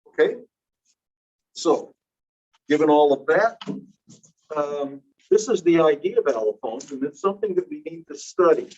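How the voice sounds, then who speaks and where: A man's voice: a little high, a little mellow. A middle-aged man teaching phonetics in a casual lecture, saying example words aloud to show how sounds change. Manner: casual explaining, repeats words to demonstrate sounds. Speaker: phonetics instructor. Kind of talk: classroom lecture. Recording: distant dull lo-fi classroom recording.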